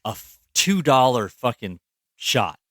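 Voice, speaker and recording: Man podcast co-host, rambling, swears a lot, bright forceful voice, dry sound. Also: medium pitch, big pitch swings, slow, dry recording. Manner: rambling and profane, lots of "like". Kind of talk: casual chat.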